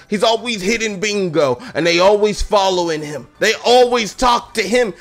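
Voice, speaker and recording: A man telling a story in casual chat, animated and exasperated, with bursts of laughter. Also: extremely high pitch.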